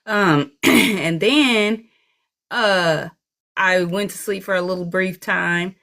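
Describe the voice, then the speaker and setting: Low-voiced tired young woman rambling. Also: slow, vocal fry, a bit bright. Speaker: co-host. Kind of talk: casual livestream chat. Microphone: video call.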